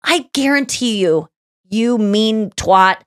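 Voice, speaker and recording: A woman's voice: mid-range voice, lively intonation, slow, a bit bright, clean tone, dry recording, studio quality. A woman hosting a podcast in casual chat, gushing and chatty with lots of fillers and restarts. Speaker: podcast host.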